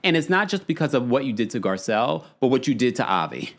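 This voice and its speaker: A man's voice: medium pitch, big pitch swings, fast. A young man hosting a casual, gossipy reality TV recap, reading out live chat and laughing often. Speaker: podcast host.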